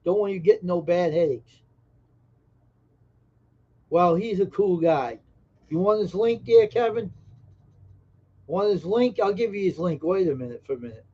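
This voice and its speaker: A man's voice: sits high, dark tone, highs cut off. A man hosting a casual live stream, joking brashly and teasing viewers in chat. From Massachusetts.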